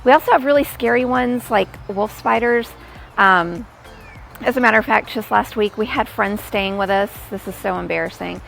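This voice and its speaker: Woman, thirties, chatty storyteller, gravelly fry, soft music behind. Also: mid-range voice, moderate pace. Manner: chatty, storytelling, laughs and squeals. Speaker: real estate agent. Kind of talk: casual talking-to-camera vlog. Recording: faint background music.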